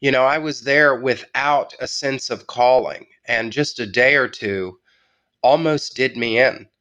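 A man as an interview guest, telling a story in a reflective, measured way with halting restarts. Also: mid-range voice, sharp tone, muffled recording. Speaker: guest writer.

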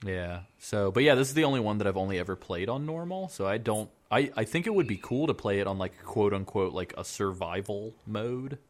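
Low-voiced man chatting about games. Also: fairly quick, hardly any pauses. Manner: relaxed, explains at length with fillers. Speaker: podcast co-host. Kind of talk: casual chat about a video game.

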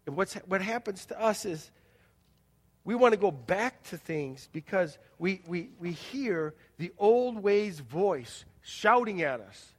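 A male pastor preaching a sermon with folksy storytelling and rhetorical questions to the congregation, acting out quoted voices and swinging between quiet and loud. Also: high-pitched, lively intonation, measured pace, long reverb tail. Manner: acts out quoted voices with big swings in loudness. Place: church.

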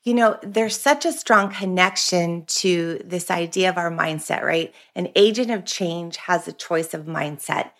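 A woman hosting an interview for educators, asking long, measured questions and affirming with short replies. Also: on the low side, a bit bright. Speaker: podcast host for educators.

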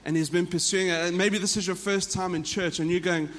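A man's voice: sits high, fairly even intonation, a little fast, a bit bright, in a large hall. A man with a South African accent, preaching a sermon to a church in an earnest way that often repeats and restarts phrases. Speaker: pastor.

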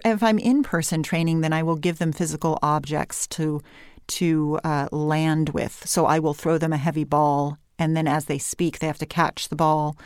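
A Californian woman speaks as a voice coach in an animated interview. Her voice sits fairly low for a woman and sounds smooth and resonant. She is recorded close on a dry microphone. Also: dry recording. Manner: animated explanatory talk with light vocal fry and uptalk. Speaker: voice and speech coach. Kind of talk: interview conversation.

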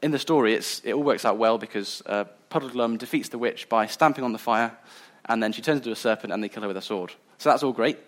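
A man's voice: mid-range voice, fast talker, hardly any pauses. A man giving a sermon in an earnest, conversational way. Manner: earnest, conversational, some restarts. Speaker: preacher.

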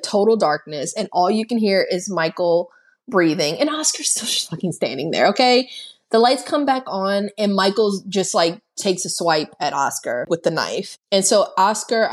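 A woman co-hosting a podcast, casually recapping a movie with plenty of swearing and laughter. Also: medium pitch. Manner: profane, laughing storyteller. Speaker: podcast co-host.

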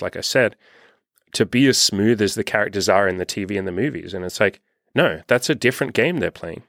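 A man's voice: fairly low pitch, a bit bright, no room sound, studio quality. A young man coaching on dating in a loose, unscripted monologue, cursing freely and acting out what people say. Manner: loose and unscripted, swears freely, acts out quoted voices. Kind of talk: casual podcast monologue.

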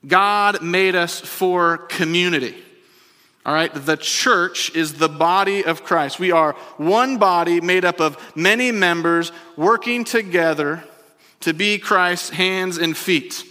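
A male pastor preaches in a fairly high, bright and forceful voice. He swings between emphatic repeated refrains and easy, chatty asides to his listeners. His words ring out with the long reverb of a large sanctuary. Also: slow pace. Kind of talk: sermon. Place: church sanctuary.

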